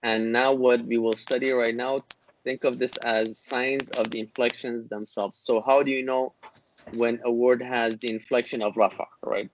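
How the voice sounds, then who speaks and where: A man teaching an online grammar class through a video-call microphone. He explains slowly and patiently, full of ums and restarts as he feels for examples, then rattles off short classical Arabic passages at speed. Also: medium pitch, level tone, slight background noise, rough recording. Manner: hesitant, many fillers and restarts, explains patiently; recites classical Arabic text in rapid bursts.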